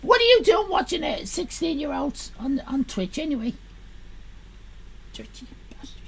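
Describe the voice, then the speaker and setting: A woman's voice: high voice, sing-song, normal speed, creaky, slight background noise, poor audio. Sweary sarcastic woman streamer. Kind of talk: live game stream with read-aloud text.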